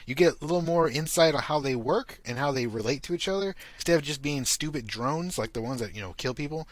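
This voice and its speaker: A man co-hosting a podcast, talking in casual chat and mocking with quick put-on quotes. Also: a little high, no echo. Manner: animated, profane, mocks with put-on quotes. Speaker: podcast co-host.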